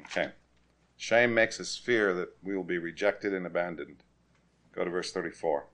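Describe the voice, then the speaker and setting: A man preaching a sermon and directing a congregation through scripture, growing forceful and repetitive when he presses a point. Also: deep voice, normal speed. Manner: emphatic, rises to forceful repetition.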